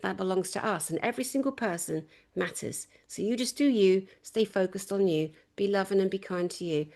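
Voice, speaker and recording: A woman hosting a casual conversation who talks emphatically and with passion, moving from loud exclamations to quiet, earnest asides. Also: mid-range voice, fairly quick, gravelly. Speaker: host.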